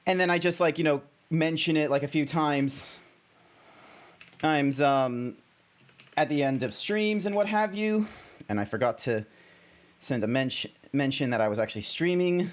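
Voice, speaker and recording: A young Australian man talks to his stream viewers in a loose, rambling way. He doubles back and restarts his sentences often. His voice sits a little on the high side for a man. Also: normal speed. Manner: rambling, self-correcting, chatty. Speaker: VTuber streamer. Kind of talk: casual stream chat.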